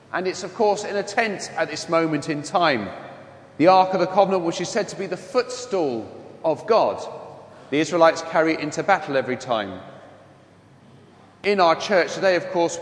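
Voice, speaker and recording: A Catholic priest with a mild London accent preaches in a high, light voice, telling wry, self-mocking stories as part of his homily. The sound is echoey, with the long reverb of a church hall trailing each phrase. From London, England. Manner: anecdotal, humorous, self-deprecating. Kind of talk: homily with personal storytelling.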